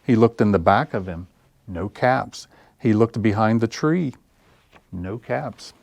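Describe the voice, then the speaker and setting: A man's voice: on the low side, vocal fry, no echo. Man reading picture books aloud. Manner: slow, expressive storytelling. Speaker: children's librarian. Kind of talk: picture-book read-aloud.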